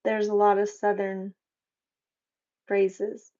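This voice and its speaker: A woman's voice: mid-range voice, monotone, dark tone. A playful woman chats with her viewers on a live stream, taking her time between words and laughing easily. Her voice sits in an ordinary middle range. The stream audio is a little dull and lo-fi. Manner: playful, joking, quick to laugh. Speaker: livestream host. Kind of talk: casual live chat reading viewer comments.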